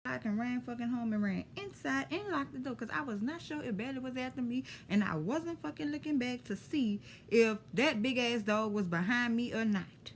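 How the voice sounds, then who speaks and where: A woman with a New Orleans accent telling a story to camera in a lively, profane, slangy way. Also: fairly high pitch, moderate pace, few pauses, a little hiss or hum. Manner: animated, profane, street slang. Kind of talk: casual storytime.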